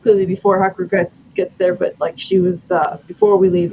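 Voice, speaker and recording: Brief: mid-pitched player, halting casual talk, faint noise in the recording. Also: sing-song, gravelly, darkish tone, rough recording. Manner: halting, thinking aloud. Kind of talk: casual tabletop game chat.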